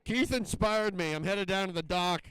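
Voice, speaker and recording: A man's voice: high-pitched, normal speed, a bit bright, clean tone, no room sound, poor audio. A man co-announcing a water ski event live, friendly and chatty, thanking crews and calling out names.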